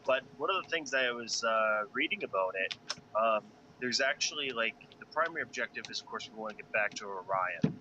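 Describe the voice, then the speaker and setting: A mid-pitched man talks through a space game in loose, rambling chat, pausing to think aloud. Steady noise sits clearly behind his voice throughout the recording. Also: highs cut off. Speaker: pilot and gaming video co-host. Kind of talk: casual gaming chat. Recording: noisy background.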